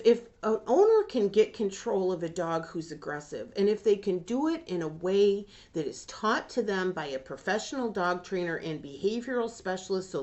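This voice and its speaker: A woman's voice: mid-range voice, a little mellow. Earnest, emotional woman dog-training host. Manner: earnest and emotional, gets choked up. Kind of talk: emotional direct-to-camera talk.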